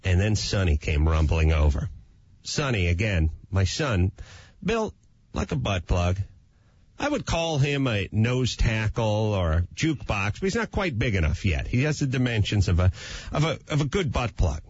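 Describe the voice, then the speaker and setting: A man, a talk show guest, telling a playful, self-mocking comic anecdote in a husky voice. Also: fairly low pitch, big pitch swings, moderate pace, dry recording, dull audio.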